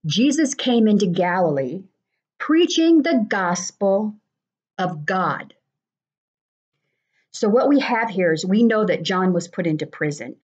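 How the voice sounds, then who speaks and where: A woman leading a Bible study, reading passages aloud and explaining them in a steady way. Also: lowish voice, slightly rough. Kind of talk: explanatory teaching. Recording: dull lo-fi recording.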